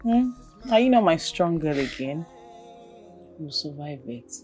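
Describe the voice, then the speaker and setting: An actress playing a gentle mother who softly consoles her crying daughter. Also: deep voice, big pitch swings, measured pace, faint music behind. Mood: soothing. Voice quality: soft, soothing, coaxing.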